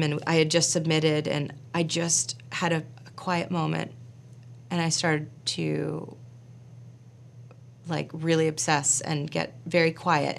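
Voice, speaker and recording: Gravelly, low-voiced woman telling a story. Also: slight background noise. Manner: animated, chatty, full of fillers and quoted asides. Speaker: actor and film director. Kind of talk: casual interview storytelling.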